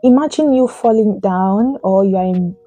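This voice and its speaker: A woman's voice: medium pitch, moderate pace, mellow, husky, soft background music. A young Nigerian woman with a Nigerian accent, chatting to camera and telling exasperated stories full of rhetorical questions. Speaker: vlogger. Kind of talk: casual chat to camera.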